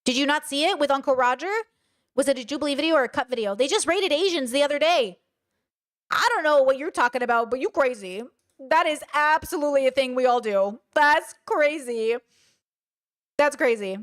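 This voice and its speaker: A woman streamer giving casual reaction commentary, blunt and animated, swearing freely as she rants. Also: high voice, fast.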